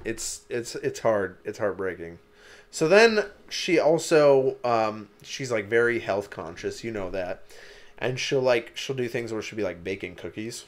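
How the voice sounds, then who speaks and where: A young man from Wisconsin co-hosts a podcast, telling stories in casual chat at a measured pace. His fairly low voice has lively intonation, and he rambles along with plenty of "like" and cursing.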